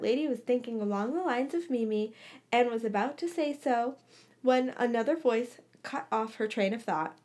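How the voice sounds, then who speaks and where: A woman's voice: a little high, moderate pace, a little mellow. A woman reading a fan fiction story aloud, sometimes stumbling and rereading phrases. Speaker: story reader.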